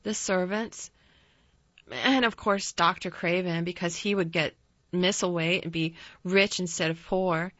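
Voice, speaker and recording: A woman's voice: fairly low pitch, steady tone, unhurried, a bit bright, no room sound. A sickly, petulant young boy, voiced by a woman reading aloud, cross and restless as he complains. The voice stays close to the reader's own. The recording is slightly dull and dry.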